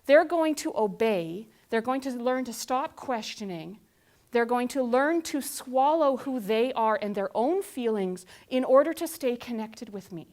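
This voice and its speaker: A woman in her forties speaks to a live audience in a bright, fairly high voice. She keeps it conversational, tossing questions to the room and slipping into little acted-out scenes to make her point. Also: a little slow. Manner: lively, asks the audience questions, acts out scenes. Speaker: conference speaker.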